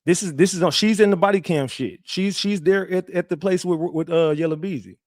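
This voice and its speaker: Livestream host, male, higher-pitched, dry close sound; swearing, animated storyteller. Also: a little fast, dry recording. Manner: profane, animated retelling with repeated restarts. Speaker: livestream host recapping a court hearing.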